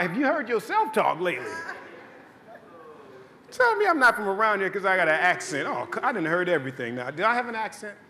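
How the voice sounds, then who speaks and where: A man's voice: high-pitched, sing-song, fairly quick, pushed and bright, some chatter behind, a little hiss or hum. A male pastor preaching a sermon in a church, with a conversational, joking storytelling style and lots of repetition. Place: church sanctuary.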